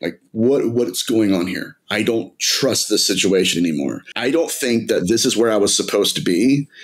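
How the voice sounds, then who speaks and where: Dramatic, lively-voiced man telling a story. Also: fairly low pitch, moderate pace. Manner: intense, dramatic storyteller, addresses listener as "my friend". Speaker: podcast guest, demonologist author. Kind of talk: storytelling in an interview.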